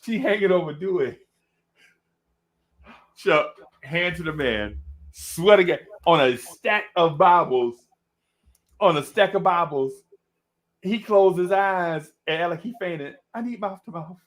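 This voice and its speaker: A middle-aged man telling a story in an animated, casual way, laughing often and calling his listener "bro.". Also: sits high, takes it slowly, long pauses. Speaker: podcast host.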